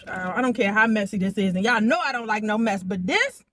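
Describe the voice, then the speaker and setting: A young woman hosting an eating show, chatting excitedly and straight to her viewers as she tastes each dish. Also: medium pitch, brisk, dry recording. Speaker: food vlogger. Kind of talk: casual eating-show chat.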